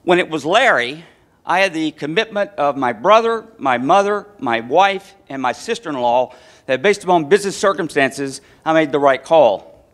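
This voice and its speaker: A man gives a conference presentation, walking through a family anecdote and then laying out his points one by one. His voice sits a bit high for a man, with an explanatory storytelling manner. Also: expressive, moderate pace, a bit bright. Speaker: conference speaker.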